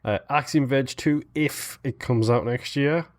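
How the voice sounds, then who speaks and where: A man's voice: medium pitch, unhurried, dry recording. A man co-hosting a casual gaming podcast, joking dryly and trailing off. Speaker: podcast co-host.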